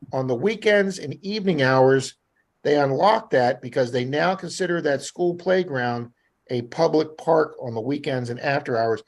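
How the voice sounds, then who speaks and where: Brief: guest man from Florida, chatty animated storyteller, slightly high voice. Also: gravelly. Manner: rambling, animated anecdotes with acted-out quotes. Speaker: guest metal detectorist. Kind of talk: casual storytelling on a live podcast.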